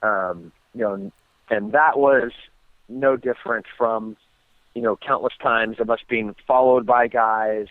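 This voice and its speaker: A guest fighter from the United States speaks a little slowly in a lowish voice during a phone interview on a tinny line. His storytelling is relaxed and full of ums and restarts, with no echo.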